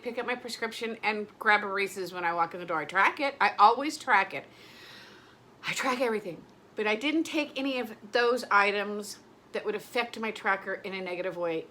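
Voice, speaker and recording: Here a middle-aged woman vlogs in casual conversation, her voice a little high with a sharp tone. She rambles, gets emotional, and frequently stops herself mid-sentence.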